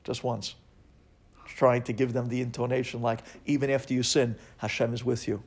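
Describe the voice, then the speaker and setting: A man's voice: mid-range voice, flat delivery, moderate pace, slightly rough. Preacher, male rabbi, fervent sermon delivery, mid-range voice. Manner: impassioned, swings from hushed to shouting.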